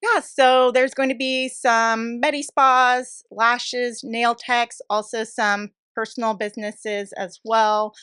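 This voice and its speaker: A woman's voice: on the high side, level tone, slow, few pauses, a bit bright, clear, resonant tone, no echo, clean studio sound. A woman from Oregon, a bistro owner chatting as a podcast guest in an upbeat, talkative way with plenty of fillers. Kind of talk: casual interview chat.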